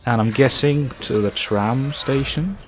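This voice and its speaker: A man doing excitable, jokey let's play commentary over a horror game, swearing often. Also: medium pitch, a little slow, a little hiss or hum. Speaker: gaming commentator.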